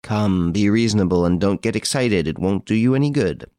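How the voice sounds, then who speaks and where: A man reading as a suave, mocking gentleman thief. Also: on the low side, expressive, brisk, no room sound, clean studio sound, natural voice. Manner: cool, commanding and ironic.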